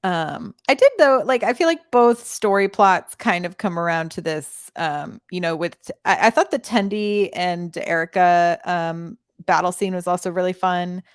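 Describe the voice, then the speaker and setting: Low gravelly woman podcasting. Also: a little slow, few pauses, dry recording, clean studio sound. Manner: laughs often, fills with "um". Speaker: podcast co-host. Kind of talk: casual podcast review chat.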